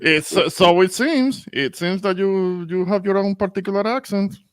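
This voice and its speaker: A man's voice: high-pitched, moderate pace, clean tone, dry recording. Cautious man giving safety advice, dry. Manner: careful, cautionary, hesitant restarts. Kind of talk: casual chat.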